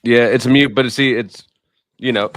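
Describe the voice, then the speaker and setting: A man's voice: mid-range voice, fairly even intonation, moderate pace, fairly bright tone. A man streaming on a livestream panel, teasing others and calling out viewers by name. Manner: teasing, reads out viewer names. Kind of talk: casual panel chat. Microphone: streaming call mic.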